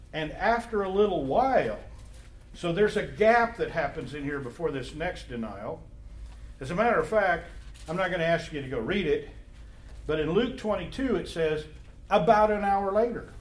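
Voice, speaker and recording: In a room with noticeable echo, a man teaches an informal Bible class in a loose, conversational way. His voice sits fairly high for a man, and he keeps turning to the group with questions.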